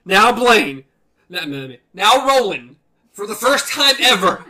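A man's voice: high voice, slow pace. A man reading a novel aloud and breaking off to comment and react in casual chat. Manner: animated, reacts and chuckles between passages.

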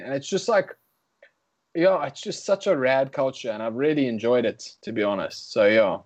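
A man's voice: mid-range voice, moderate pace, darkish tone. A young man with a South African accent, a guest musician chatting casually in an interview, slangy and easygoing. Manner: laid-back and chatty, slangy.

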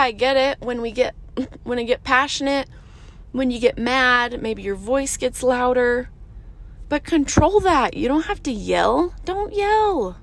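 Slow, gravelly-voiced woman talking earnestly. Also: on the high side. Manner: earnest, emphatic, repeats short phrases. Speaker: podcast host. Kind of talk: casual motivational monologue.

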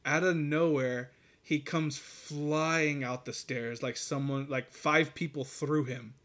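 A man's voice: on the high side, steady tone, slow pace, a bit bright. A man casually telling a long, profane story, rambling with laughs and restarts. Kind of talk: casual chat.

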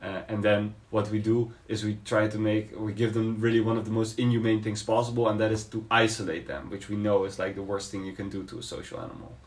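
A man with a fairly low voice explains his ideas slowly in a casual podcast debate. He pauses often, reaches for words, and restarts his sentences as he thinks aloud. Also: little pitch movement. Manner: thoughtful, hesitant, many fillers and restarts. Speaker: podcast co-host.

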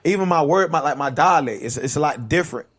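A man's voice: a little high, animated, quick pace, a bit bright, breathy edge. A man with a Florida accent in casual chat, rambling and slangy, saying "bro" a lot.

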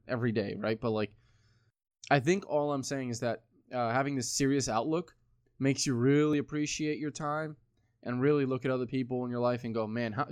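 A man's voice: medium pitch, clean tone, no room sound. A man in his twenties talking casually, rambling with lots of swearing and filler words. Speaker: podcast co-host. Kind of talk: casual chat.

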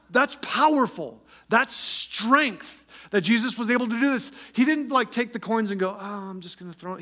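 A male pastor preaching a sermon in an energetic, emphatic way, often repeating phrases for stress. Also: very high-pitched.

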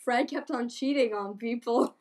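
A teenage girl co-hosting a casual podcast, blunt and quick to laugh. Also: on the high side, darkish tone. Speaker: podcast co-host. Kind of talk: casual chat among friends.

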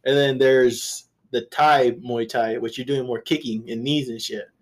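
A man's voice: mid-range voice, steady tone, measured pace. A man guest-hosting a podcast, telling rambling, profane anecdotes in casual chat, with restarts and laughter.

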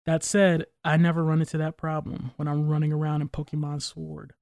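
A man's voice: a little high, completely flat delivery, fairly quick, vocal fry, darkish tone, no room sound. Opinionated man, dry close sound. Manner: opinionated, rambling, profane. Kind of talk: casual chat.

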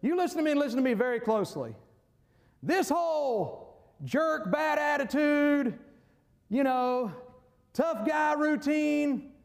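A man preaching a sermon as pastor, animated, pausing on key words and mocking voices when he quotes. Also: very high-pitched.

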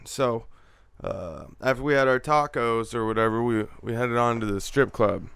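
Gravelly young man swearing through a story. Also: mid-range voice, normal speed, a bit bright. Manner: profane, rambling anecdote with laughs. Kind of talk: casual storytelling.

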